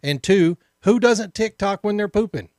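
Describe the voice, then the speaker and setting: A man's voice: sits high, expressive, normal speed, a little mellow, dry recording, studio quality. A man hosting a talk show, bantering easily and laughing often. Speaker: host. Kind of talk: casual chat.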